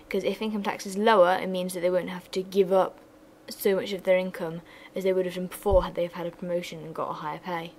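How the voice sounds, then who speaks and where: A young woman talks through exam revision notes in a chatty, self-deprecating way. Her voice sits at a middling pitch. A faint noise runs under the recording. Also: darkish tone, rough recording. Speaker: revision tutor. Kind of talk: economics revision lesson.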